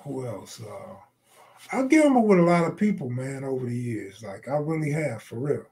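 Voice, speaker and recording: A man's voice: medium pitch, very animated, moderate pace, vocal fry, a little mellow, a little hiss or hum. A middle-aged man hosting a live stream, telling rambling, profane stories in casual slang and stopping to answer viewer comments. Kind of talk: casual freestyle storytelling.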